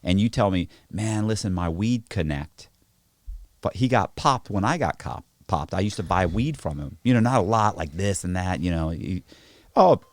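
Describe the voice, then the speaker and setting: A man telling stories in casual podcast chat, profane and animated, acting out the people in them. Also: deep voice, normal speed, dry recording. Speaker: podcast guest. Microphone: podcast studio mic.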